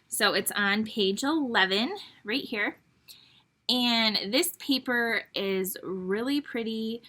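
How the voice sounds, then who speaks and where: Middle-aged lady rambling thru a craft tutorial, lots of ums, bright voice. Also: on the high side, slow. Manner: chatty, rambling, with frequent ums and laughs. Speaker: online card-making class host.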